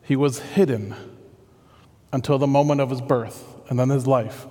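A man's voice: mid-range voice, fairly even intonation, normal speed, warm tone. A man preaching a sermon as pastor, earnest and conversational, thinking aloud as he goes. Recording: long hall reverb.

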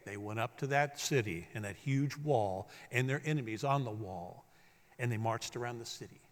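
In an echoey hall, a man with a medium-pitched voice preaches at normal speed. As pastor, he leads the congregation through call-and-response, with them repeating his lines back.

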